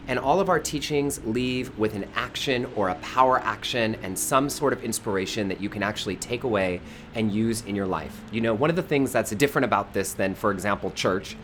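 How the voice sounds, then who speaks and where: A man's voice: fairly low pitch, fairly bright tone. A man from the Bay Area hosting a live online spiritual session outdoors, greeting viewers effusively by name. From California Bay Area. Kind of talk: live-streamed welcome and teaching. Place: outdoors in front of a high-up window. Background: faint outdoor noise.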